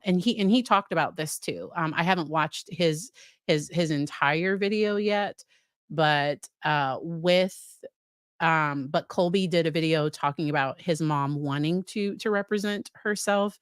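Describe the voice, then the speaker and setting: A woman's voice: deep voice, no echo, clean studio sound. A woman psychologist giving casual live-stream commentary, talking to her chat with frequent restarts and fillers. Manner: conversational, many restarts and fillers; talks to chat viewers by name. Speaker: psychologist commenting on a court case.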